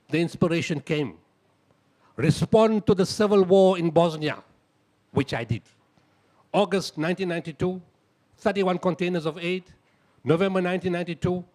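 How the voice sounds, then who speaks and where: A middle-aged man from South Africa giving a motivational talk, with a slow, emphatic delivery and long pauses between phrases. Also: on the high side, a little mellow. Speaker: speaker telling his founding story.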